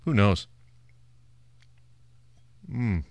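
Fairly low-pitched with vocal fry, this man speaks very slowly in clean studio sound with no room noise. As host of a food and beer show, he chats loosely through a beer tasting, leaning on frequent "uh" fillers.

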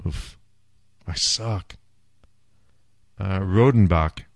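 A man's voice: deep voice, extremely slow, vocal fry, no room sound, clean studio sound. A man hosting a casual beer podcast, enthusiastic and self-mocking as he chats and jokes. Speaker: podcast host.

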